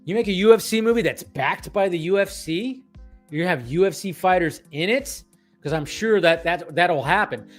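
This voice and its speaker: A man ranting casually about films on a livestream, animated and profane, rambling with restarts, tired and wired on coffee. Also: a little high. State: tired and caffeinated. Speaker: film commentary streamer.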